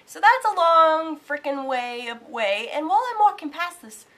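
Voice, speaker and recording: A young woman vlogging, casually telling a story, animated and swearing casually. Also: sits high, moderate pace. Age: young adult.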